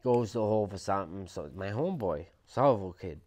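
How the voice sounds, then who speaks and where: A man with a Boston accent, a podcast guest telling prison stories in a loud, profane, animated way, acting out the quotes. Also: low-pitched, a little fast. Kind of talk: casual storytelling interview.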